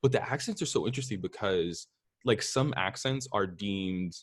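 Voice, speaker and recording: A man hosting a podcast interview, speaking in a halting way with many restarts and frequent use of "like". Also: lowish voice. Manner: halting, many fillers and restarts, uses "like" a lot. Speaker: podcast host. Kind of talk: casual interview talk.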